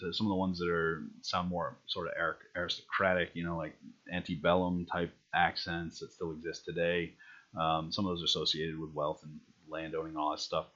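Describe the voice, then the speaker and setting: A man's voice: deep voice, bright, forceful tone. A male lecturer talking through slides in a loose, rambling way, full of fillers and restarts. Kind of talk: recorded classroom lecture. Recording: dull lo-fi lecture recording.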